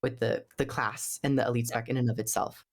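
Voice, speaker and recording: A woman talking as a guest on a casual gaming podcast, jokey and animated. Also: very deep voice, brisk. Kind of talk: casual chat.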